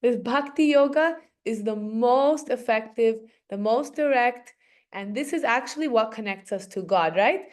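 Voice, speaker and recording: A woman teaching children in a casual, animated storytelling manner, with many fillers. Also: a little high, unhurried. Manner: animated, conversational, frequent fillers.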